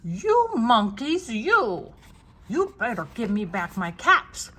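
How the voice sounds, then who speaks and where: An older woman voicing a frustrated male cap peddler in a storybook read-aloud, shouting in a shrill, strained voice. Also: expressive, slow pace, heavily acted. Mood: angry, shouting.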